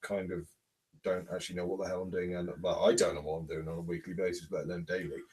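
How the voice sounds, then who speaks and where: A man's voice: deep voice, flat delivery, fast talker, darkish tone, low-quality recording. A man in casual chat with friends, rambling and swearing freely. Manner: crude, rambling, swears a lot.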